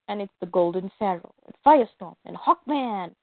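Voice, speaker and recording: A woman narrating a superhero toy story in an animated, playful way. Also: mid-range voice, brisk, hardly any pauses, dry recording. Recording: tinny phone-like dry sound.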